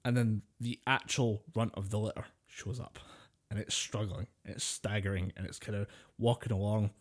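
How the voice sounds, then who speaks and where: A man's voice: fairly low pitch, steady tone, moderate pace. A man co-hosting a casual podcast, telling a story with a lot of swearing and laughter. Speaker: podcast co-host. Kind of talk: casual chat.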